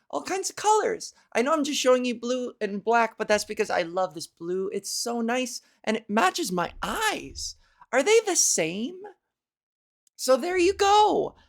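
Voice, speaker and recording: A woman hosting a casual solo podcast, rambling and self-mocking, laughing at her own jokes while working on a softer voice. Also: mid-range voice, creaky. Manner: practicing a softer voice with resonance and inflection. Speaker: podcast host. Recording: fan blowing near the microphone.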